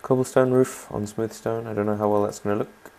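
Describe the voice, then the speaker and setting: Gravelly man narrating his gameplay. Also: lowish voice, level tone, brisk, mellow, a little hiss or hum. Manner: rambling, chatty, asks viewers to comment. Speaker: gaming channel host. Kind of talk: let's play commentary.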